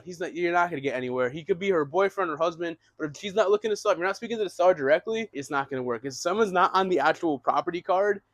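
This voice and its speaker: A young man giving a casual, energetic real estate lesson, restarting phrases and swearing now and then. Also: a little high, no echo. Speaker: real estate wholesaling instructor.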